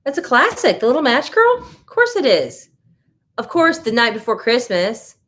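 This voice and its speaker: A woman's voice: a little high, huge pitch swings, moderate pace, fairly bright tone. An American woman hosting a casual live stream, chatting loosely and reacting to viewer comments as she goes. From United States. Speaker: livestream host.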